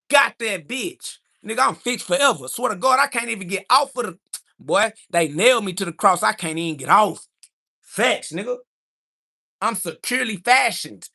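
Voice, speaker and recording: A man's voice: sits high, creaky, bright, forceful tone. A young man on a livestream, answering chat comments in a brash, profane, preachy monologue full of slang. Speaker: livestream host.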